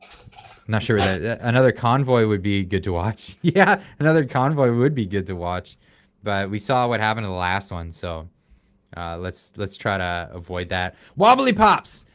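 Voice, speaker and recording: Canadian guy with a lowish voice, rambly livestream chat, reads out the chat. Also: normal speed. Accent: mild Canadian. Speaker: livestream guest, political YouTuber.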